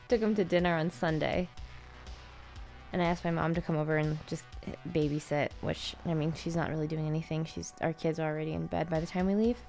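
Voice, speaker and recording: A woman's voice: low voice, fairly even intonation, brisk, darkish tone, faint music behind. A woman in casual chat, telling a story and laughing through it. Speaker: co-host, married to the other host.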